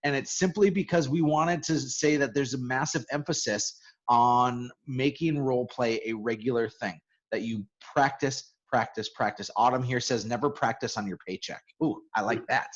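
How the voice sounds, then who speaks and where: A man co-hosting a real estate coaching webinar in casual chat, quick and prone to repeating words as he starts a sentence. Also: mid-range voice. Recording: dull lo-fi audio.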